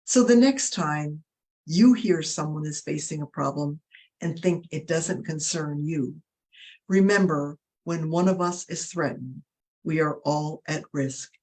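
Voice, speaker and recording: A woman presenter giving an earnest, preacherly talk on faith, slowing down to stress her points. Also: sits low, a little mellow. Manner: earnest, preacherly, slows for emphasis. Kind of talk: faith talk with a told fable.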